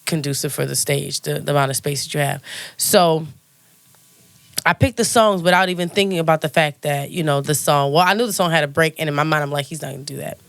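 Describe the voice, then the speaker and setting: Young woman singer chatting in an interview, laughs a lot, lowish voice, dry studio sound. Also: brisk, vocal fry, dry recording. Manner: chatty, laughs often, animated storytelling. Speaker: guest singer. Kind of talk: casual interview chat. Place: recording studio.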